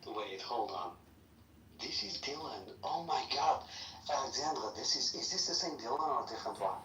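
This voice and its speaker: A man's voice: medium pitch, lively intonation, moderate pace, sharp tone. A man hosting a casual chat, blunt and brusque with his guests. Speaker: host. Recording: echoey room, faint noise, far from mic.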